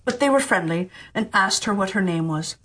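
A middle-aged woman reads a children's fairy tale audiobook as a storyteller. Her voice is soft and breathy at a middle pitch, and she reads expressively, slipping into the characters' voices. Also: lively intonation, normal speed.

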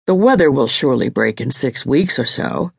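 Measured husband, low and gravelly, read by a woman narrator; storybook tone. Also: dry recording, clean studio sound, heavily acted. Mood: reasoning. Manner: calm, measured. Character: grown man, calm, measured husband.

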